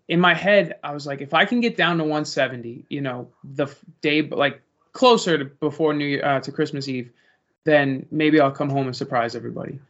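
A man's voice: on the high side, a bit bright. A young man, a pro fighter, casually answering interview questions in a rambling, easygoing way. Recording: lo-fi muffled audio.

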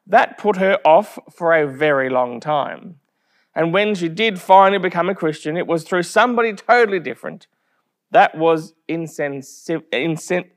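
A man preaching a sermon in a fairly high voice. He carries the talk through stories and brings the people he quotes to life as he goes. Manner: storytelling with lively quoted asides.

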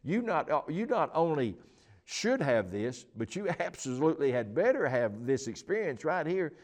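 A man's voice: on the high side, sing-song, moderate pace, a little mellow. A man teaching the Bible in an informal chat, talking in a rambling, emphatic way with many restarts and fillers.

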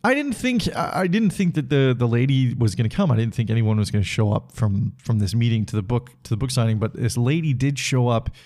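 A man's voice: medium pitch, lively intonation, brisk, few pauses, darkish tone. A man hosting a reflective solo podcast, rambling through stories with lots of filler words. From Canada. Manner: rambling, heavy with filler words, laughs while telling stories. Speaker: podcast host.

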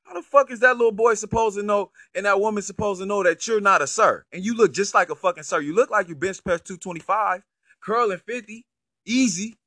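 Guy ranting about a clip, swears a lot, bright voice, dry close sound. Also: sits high, a little fast, no room sound. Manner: profane, incredulous, animated slang. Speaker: online commentator. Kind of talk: casual reaction commentary.

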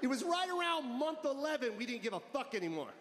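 High-voiced brash stand-up comic man. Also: fast talker, roomy sound, in a large hall. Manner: loud, animated, often shouting punchlines; profane, brash delivery. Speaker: stand-up comedian. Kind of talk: stand-up comedy. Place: large live arena stage. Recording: live arena recording with audience noise. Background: audience laughter and crowd ambience.

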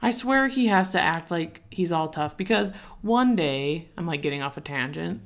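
A woman co-hosting a podcast in casual chat, telling rambling stories and acting out other people's lines. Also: sits low. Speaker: podcast co-host.

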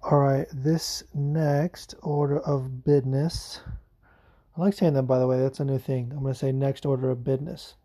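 A man hosting a podcast in casual, rambling chat, excitable and swearing freely. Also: medium pitch, normal speed. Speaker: podcast host.

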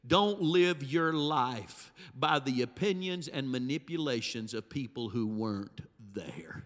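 A male pastor preaching a Pentecostal sermon in a church, swinging from soft, intimate passages to shouted climaxes. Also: mid-range voice, expressive, slow. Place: church sanctuary. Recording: long church hall reverb.

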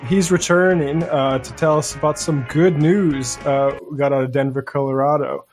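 Guy co-hosting a political podcast, kinda high voice, rambles and trails off a lot, light music under it. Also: fairly even intonation. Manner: loose, meandering, pauses mid-thought. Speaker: podcast co-host. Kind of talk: casual political podcast chat.

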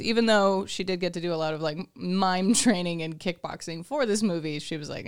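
A woman co-hosting a podcast in casual chat, chatty and animated with many fillers. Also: fairly low pitch, normal speed, smooth. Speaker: podcast co-host.

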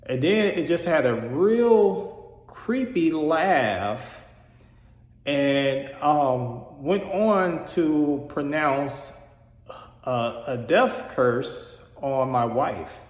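Slow, halting man in a roomy hall. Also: a little high, expressive. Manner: earnest, halting, many restarts. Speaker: storyteller sharing a personal experience. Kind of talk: casual personal storytelling.

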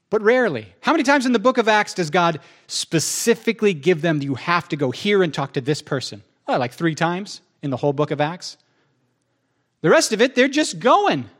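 Animated man preaching a sermon. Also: high voice. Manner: animated, acts out both sides of conversations with God. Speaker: pastor.

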